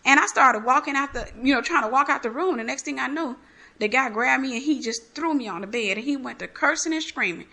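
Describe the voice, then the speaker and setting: A woman's voice: high-pitched, a little fast, pushed and bright. A woman giving a candid personal testimony, telling her story animatedly and acting out the dialogue. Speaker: ministry host giving testimony.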